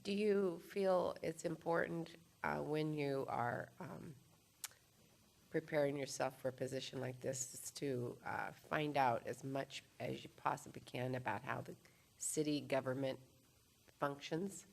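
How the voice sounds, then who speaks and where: A woman council member asking an applicant interview questions in a council chamber, measured and halting. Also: very deep voice, fairly even intonation, creaky. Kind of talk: interview questions at a public meeting.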